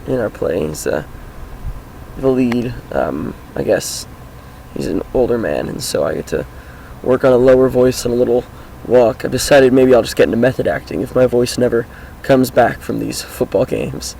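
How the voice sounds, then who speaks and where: A teenage boy talking casually outdoors about his life, with a groggy, hoarse voice and a rambling, upbeat manner. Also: mid-range voice, animated, moderate pace, mellow, a little hiss or hum, low-quality recording. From Washington State, US. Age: teens. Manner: rambling, upbeat, many fillers. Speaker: high school student vlogger. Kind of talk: casual self-introduction vlog. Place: outdoors, sitting on his car.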